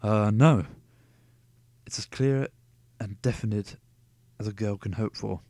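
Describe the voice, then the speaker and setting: A man's voice: fairly low pitch, measured pace, mellow, no room sound. A man reading a romance novel aloud at home, breaking off for sarcastic, profane asides. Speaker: reader of a novel.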